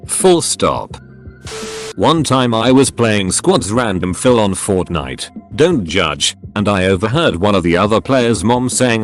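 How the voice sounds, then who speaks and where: A man narrating scripted funny online stories in a lively storytelling manner. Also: fairly low pitch, a little slow, faint music behind.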